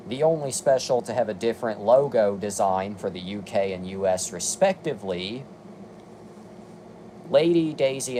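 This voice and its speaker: A man's voice: on the low side, mellow, slight background noise. A young man giving casual review commentary, reading long lists with dry, exasperated asides. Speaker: video commentator.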